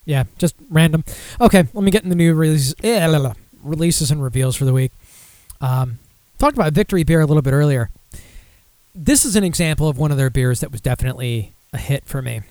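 A man's voice: on the high side, animated, a little fast, darkish tone, no room sound. Rambling young man hosting a podcast. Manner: rambling, self-deprecating, many fillers. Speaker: podcast host. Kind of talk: casual chat and beer news rundown.

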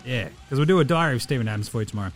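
A man with an Australian accent, hosting a podcast and reading ads and thanks quickly and cheekily. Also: medium pitch, animated, soft background music. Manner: rapid, cheeky, slangy. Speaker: podcast host. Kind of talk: quick ad read and show sign-off.

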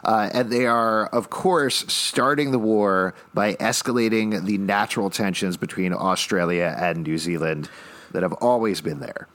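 Relaxed man recapping an episode. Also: lowish voice, unhurried. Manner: relaxed, recapping plot with dry asides. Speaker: podcast host. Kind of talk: casual podcast chat recapping a TV episode.

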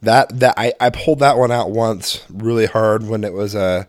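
A man's voice: lowish voice, steady tone, moderate pace, no echo, clean studio sound. Rambling man co-hosting a podcast. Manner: rambling, self-correcting, chuckling. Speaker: podcast co-host. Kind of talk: casual chat.

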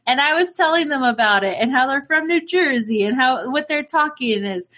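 Excitable, giggly woman podcast co-host. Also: sits high, moderate pace. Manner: excitable, laughs often while telling stories. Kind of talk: casual chat.

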